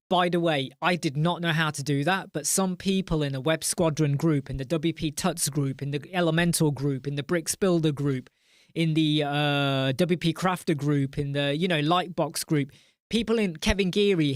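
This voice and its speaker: A man's voice: on the high side, no echo, clean studio sound. A man hosting a live chat stream, speaking passionately, ranting and swearing. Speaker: host.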